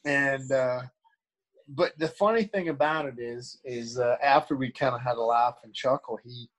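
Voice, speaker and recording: A man's voice: medium pitch, moderate pace, fairly bright tone, rough recording. A middle-aged man, a former pro hockey player, telling candid stories in a rambling way, full of restarts and fillers. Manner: candid, acts out quoted voices. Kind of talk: casual storytelling.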